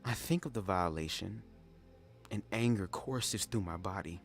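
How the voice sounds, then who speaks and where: Male reader, low voice, live read-aloud with sassy asides; faint music. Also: normal speed. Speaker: reader of a memoir.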